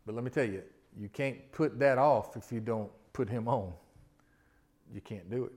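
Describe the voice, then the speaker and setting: A middle-aged man preaching a sermon, moving between loud emphatic passages and quiet personal storytelling. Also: medium pitch, normal speed. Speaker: pastor.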